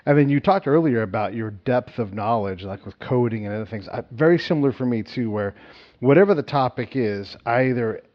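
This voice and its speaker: A man of middling pitch hosts a casual podcast interview, working through his thoughts aloud with restarts and a steady stream of "yeah"s. The audio is a little dull and lo-fi. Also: fairly quick. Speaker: podcast host.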